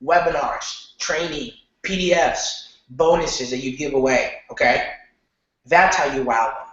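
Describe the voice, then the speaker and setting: A man teaching an online marketing lesson in a casual, animated way, often checking in with "okay?" and slipping into slang. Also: medium pitch, unhurried. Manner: animated, repeats "okay?", loose slangy talk. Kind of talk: casual training lecture. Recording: very echoey, muffled room.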